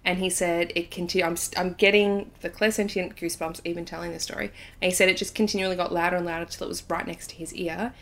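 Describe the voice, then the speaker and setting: A woman's voice: fairly low pitch, fast. Woman telling a ghost story. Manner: animated, breathless when telling scary parts, laughs often. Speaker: podcast co-host. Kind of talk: casual storytelling chat.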